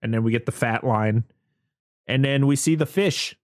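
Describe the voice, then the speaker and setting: A man chats through a movie plot with a co-host, profane and animated, jumping into the characters' lines as he goes. His pitch sits in the middle range, and the sound is dry and close. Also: normal speed, no room sound. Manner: profane, animated retelling with acted quotes. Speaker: podcast co-host. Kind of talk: casual movie recap chat.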